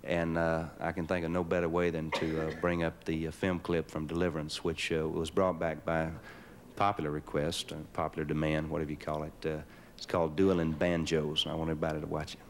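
A man's voice: extremely low pitch, little pitch movement, fairly quick. A man hosting a show on stage, joking in a down-home way and leading the audience in chants. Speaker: host. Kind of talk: folksy stage patter with audience. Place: TV studio stage with live audience. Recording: noisy 1970s live TV broadcast. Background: studio audience laughing.

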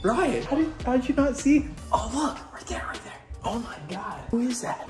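A man's voice: extremely high pitch, sing-song, normal speed. Panicky young man whispering over music. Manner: panicky, often dropping to a whisper. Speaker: vlogger. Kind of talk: staged prank vlog. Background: background music.

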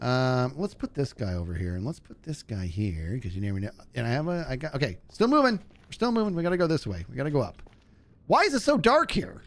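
A man streaming a game, telling a story in a casual way and acting out the people in it with a higher voice, laughing often. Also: fairly quick. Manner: animated, acts out quotes in a higher voice, laughs often. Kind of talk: casual storytelling while gaming.

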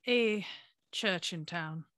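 A woman's voice: lowish voice, slow pace, a bit bright, no echo. A woman playing a tabletop game, speaking in character with dry, wry remarks. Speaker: player. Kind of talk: casual tabletop play in character.

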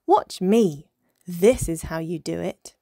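A woman voicing a boastful, bossy young boy dolphin who talks loudly and shows off. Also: on the low side, slow, no echo, clean studio sound.

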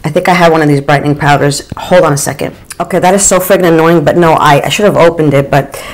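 A woman in her forties or fifties chatting through a makeup routine, gushing with frequent excited oohs. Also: sits low, quick pace, a little hiss or hum, rough recording. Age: 40s or 50s. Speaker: beauty vlogger. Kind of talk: casual makeup get-ready-with-me chat.

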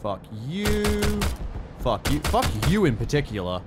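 An Australian man giving casual, sweary gameplay commentary with sudden shouted outbursts. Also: medium pitch, big pitch swings, a little slow, loud music behind the voice. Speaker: gaming streamer.

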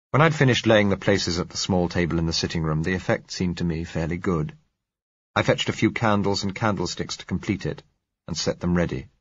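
A man reading a novel aloud in measured, first-person narration. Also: sits low, husky, dry recording. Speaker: audiobook narrator. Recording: dull lo-fi recording.

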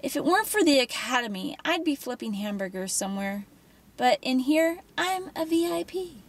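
A woman's voice: sits high, sing-song, moderate pace, voice pushed up, full character voice. Woman doing a sneering cruel teen girl. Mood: smug. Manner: taunting, mocking, menacing. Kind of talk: audiobook character voice.

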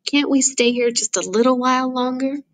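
A woman's voice: sits high, fairly even intonation, fairly quick, far from the mic, pitched above the performer's own voice, lightly acted. A woman voicing a sick, tired little boy who whines and protests. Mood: whining. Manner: whining. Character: small feverish boy, whiny and tired.

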